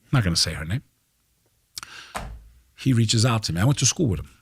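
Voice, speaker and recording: A man's voice: fairly low pitch, expressive, brisk, slight background noise. A middle-aged American man, a podcast guest, talking heatedly and emphatically, swearing and throwing in "bro" as he makes his case. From United States. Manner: heated, emphatic, profane, keeps saying "bro". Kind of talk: impassioned podcast talk.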